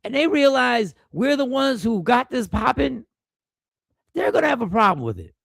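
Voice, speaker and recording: Gravelly-voiced man hosting a stream with a cold. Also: very high voice, normal speed, no room sound, studio quality. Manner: animated, riffing and repeating himself; greets viewers by name. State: stuffy nose from a cold. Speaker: live stream host. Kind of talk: casual live-stream commentary and chat greetings.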